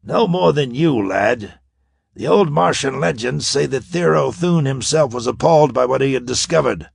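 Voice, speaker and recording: An older male scientist speaks with a rasp, calm and fatherly toward the young captain, as a man puts him on. His voice still moves lively up and down. The recording is dry and close. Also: mid-range voice, moderate pace, no echo, pitched above the performer's own voice, full character voice. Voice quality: rasping. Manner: calm, brooding. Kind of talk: audiobook character voice.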